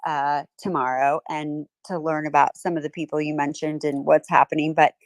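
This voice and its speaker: A woman's voice: low voice, flat delivery, moderate pace, dry recording. A woman hosting a podcast, talking in an emphatic, impassioned way. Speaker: podcast host. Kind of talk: casual chat.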